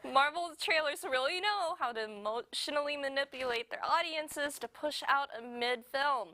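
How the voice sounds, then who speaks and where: A woman's voice: high-pitched, moderate pace, few pauses, pushed and bright. A woman hosting a satirical news segment, sarcastic with giggles between jokes. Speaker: comedy news host.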